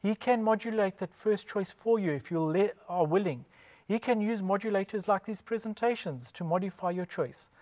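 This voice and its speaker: Speaking at normal speed in a high-pitched, darkish voice, a man presents the Bible in a scripted religious talk. He is emphatic and keeps posing rhetorical questions only to answer them himself.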